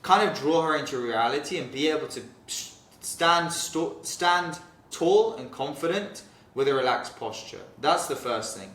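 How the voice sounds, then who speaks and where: A man's voice: on the high side, animated, measured pace, hardly any pauses, fairly bright tone. A man talking as a dating coach in casual podcast chat, confident and blunt, swearing freely. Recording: roomy echo, distant mic.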